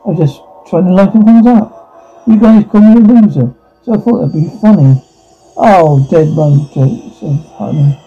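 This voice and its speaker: A man's voice: high voice, measured pace, breathy edge, soft background music. A man reading all parts of a teen drama scene aloud, speaking the sound cues between the lines, on a dull lo-fi recording.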